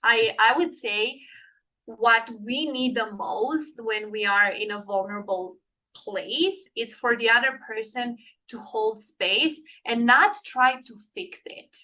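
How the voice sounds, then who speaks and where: Bright-voiced earnest woman. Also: a little high, takes it slowly, low-quality recording. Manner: earnest, encouraging, speaks softly when quoting comforting words. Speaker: guest. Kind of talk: casual conversation.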